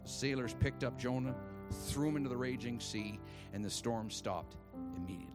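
A man's voice: mid-range voice, brisk, loud music behind the voice. A man preaching a sermon in a church, emphatic and calling on the congregation to repeat after him. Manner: emphatic, calls for congregation response. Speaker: pastor.

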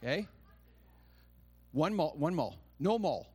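In a slow, sing-song voice that's a little high with a breathy edge, a pastor delivers a sermon built around a personal story and scripture readings. He moves from quiet asides to loud, rising exclamations and performs the quoted voices.

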